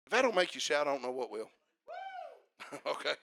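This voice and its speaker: A man preaching a sermon to a congregation, building to fervent shouts and calling for responses. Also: mid-range voice, big pitch swings, fairly quick, vocal fry. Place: church service.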